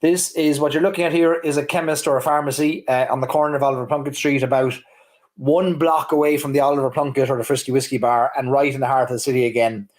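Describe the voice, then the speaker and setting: A man's voice: mid-range voice, steady tone, fast. A man with a Cork Irish accent, co-hosting a livestream chat and telling stories with easy laughs. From Ireland. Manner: chatty storyteller, laughs easily. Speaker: livestream co-host. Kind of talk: casual chat.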